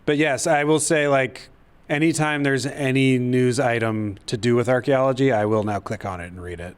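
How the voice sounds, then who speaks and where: A man, the show's co-creator and voice actor, chatting in a casual interview, laughing often and joking quickly. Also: medium pitch, smooth. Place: studio at a convention.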